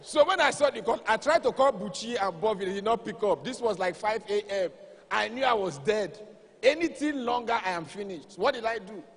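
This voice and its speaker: High-voiced Nigerian man doing stand-up. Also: brisk, breathy edge. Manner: animated storytelling, acts out dialogue. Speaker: stand-up comedian. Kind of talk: live stand-up comedy. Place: live comedy stage. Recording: reverberant live hall.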